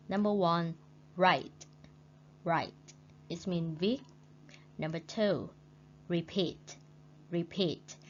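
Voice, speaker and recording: Slow Vietnamese-accented woman teaching English. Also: lowish voice. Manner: slow, careful, repeats each word twice. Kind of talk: recorded online lesson. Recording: dull lo-fi sound with faint hum.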